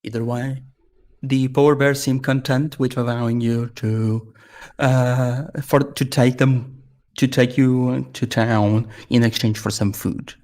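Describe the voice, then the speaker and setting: Man, game master, narrating a tabletop game, quick and halting speech. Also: medium pitch, little pitch movement, darkish tone. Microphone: headset or desk mic with voice filter.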